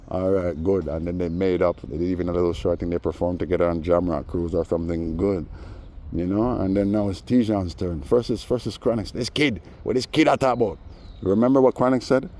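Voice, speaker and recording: Animated Jamaican man with a mellow, low voice. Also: fairly quick. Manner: animated, laughing often, mixing in patois. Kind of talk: casual monologue vlog.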